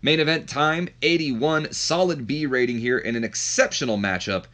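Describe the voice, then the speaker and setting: A man's voice: medium pitch, moderate pace, sharp tone. A man narrating a wrestling management game in a chatty, casual commentary style, self-deprecating and often restarting his sentences. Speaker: game streamer. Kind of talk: casual let's-play commentary.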